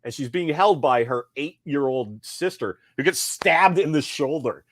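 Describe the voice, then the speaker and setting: A man's voice: fairly high pitch, lively intonation, measured pace, a bit bright, no room sound. Guy rambling thru stories on a podcast, swears a lot, voice jumps all over, dry close mic. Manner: rambling storyteller, swears, acts out quotes. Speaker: podcast co-host. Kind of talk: casual chat.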